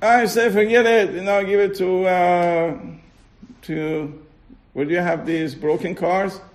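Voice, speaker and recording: A man teaching an informal religious class. He keeps quizzing his listeners with questions and slows down to stress key words. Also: sits high, fairly even intonation.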